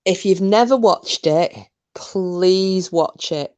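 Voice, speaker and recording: Woman, low voice, rambling, casual live-stream chat, lots of fillers. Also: slow, a little mellow, clean tone. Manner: chatty, rambling, many restarts and fillers. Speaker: livestream host.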